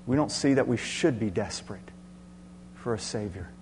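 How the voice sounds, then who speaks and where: A male pastor delivering an earnest, explanatory sermon that swings into loud passion. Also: fairly low pitch, expressive, moderate pace. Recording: echoey hall with faint hum.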